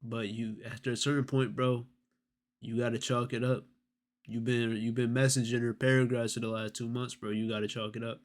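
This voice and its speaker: A man's voice: mid-range voice, little pitch movement, normal speed. Slangy, sarcastic male streamer. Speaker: streamer host. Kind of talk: casual reaction commentary.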